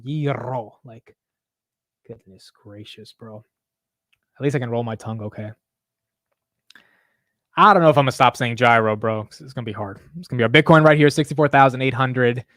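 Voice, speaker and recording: A man hosting a live market show, talking casually in an animated, profane, self-mocking way. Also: medium pitch, dry recording, clean studio sound. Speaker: market livestream host.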